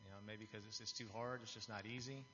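A man's voice: fairly low pitch, fairly even intonation, fast talker, pushed and bright, a little hiss or hum. Earnest man preaching in a hall. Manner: earnest, confessional, often restarting phrases. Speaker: lay speaker giving a testimony. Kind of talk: church testimony sermon. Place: church hall with an audience. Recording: dull, reverberant hall recording.

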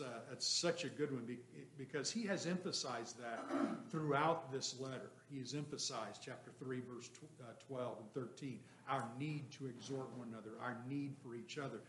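A man's voice: mid-range voice, fairly bright tone. A man leading an interactive Bible study, questioning the class and stressing points with bursts of emphasis and chuckles. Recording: echoey room.

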